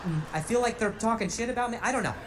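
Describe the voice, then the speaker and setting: A young man doing a stand-up storytelling set, animated, often restarting and repeating words. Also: high-pitched, very fast, noisy background. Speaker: stand-up comedian.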